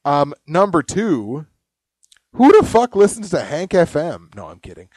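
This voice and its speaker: A man's voice: on the high side, sing-song, a little slow, a little mellow, no room sound. A man co-hosting a podcast in casual chat, rambling, swearing and joking. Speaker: podcast co-host. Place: home basement.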